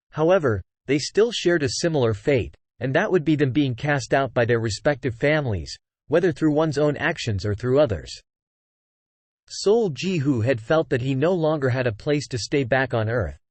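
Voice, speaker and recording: Male audiobook narrator, lively pitch. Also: no room sound. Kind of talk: scripted novel narration.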